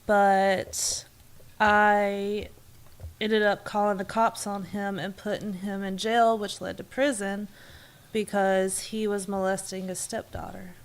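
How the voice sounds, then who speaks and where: A young woman in her twenties, raised in North Carolina, answers questions as a guest on a podcast. She speaks softly, at a middle pitch, in a relaxed conversational way. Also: slow. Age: 20s. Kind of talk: casual interview.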